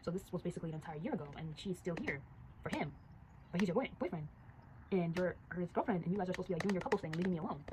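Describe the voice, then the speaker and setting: A teenage girl chatting casually and rapidly, telling a story while drawing and acting out the voices of the people in it. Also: lowish voice, noisy background. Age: teens. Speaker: storyteller vlogger.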